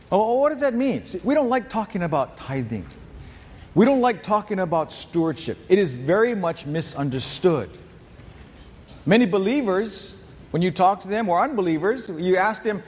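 A man preaching a sermon as pastor, telling stories with lively acted-out voices. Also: a little high, normal speed. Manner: animated storytelling, acts out voices. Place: church hall. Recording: long hall reverb, faint noise.

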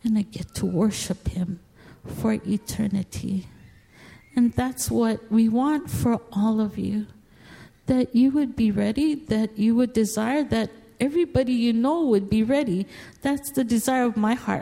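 A woman's voice: fairly high pitch, a little slow, gravelly, mellow. A woman giving an earnest, emotional testimony as a guest speaker in a church, repeating phrases with feeling. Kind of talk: heartfelt spoken testimony. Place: church sanctuary. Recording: long reverb of a large hall.

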